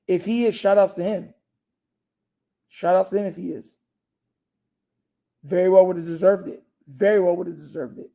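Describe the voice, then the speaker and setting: A man's voice: sits high, fairly even intonation, normal speed, vocal fry, long pauses, dark tone. A young man hosting a fan live stream, talking casually and emphatically, repeating his points and using slang. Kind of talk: casual live reaction chat.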